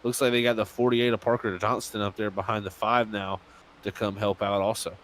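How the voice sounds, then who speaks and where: A man's voice: lowish voice, level tone, brisk, a bit bright, a little hiss or hum. A man calling a sim racing event as play-by-play commentator, chatty and laughing between his remarks.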